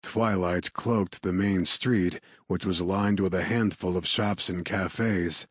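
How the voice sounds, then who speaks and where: A man reading a dark paranormal romance as an audiobook narrator, in a measured, steady storytelling delivery. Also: low voice, husky, no room sound, clean studio sound.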